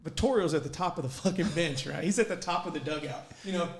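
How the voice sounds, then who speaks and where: A man telling animated, profane stories on a casual podcast and shouting out his coach's lines. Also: a little high, quick pace. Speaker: podcast co-host. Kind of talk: casual storytelling chat.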